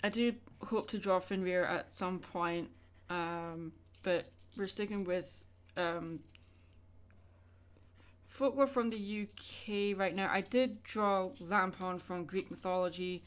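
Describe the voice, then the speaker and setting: A woman's voice: fairly low pitch, slow pace. A young woman chatting casually with her viewers during a drawing livestream, rambling and answering questions as she goes. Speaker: art streamer.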